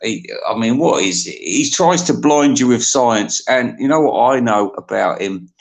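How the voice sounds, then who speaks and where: A man's voice: mid-range voice, animated, unhurried. A man hosting a video, delivering a crude, mocking comic rant. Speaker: video host.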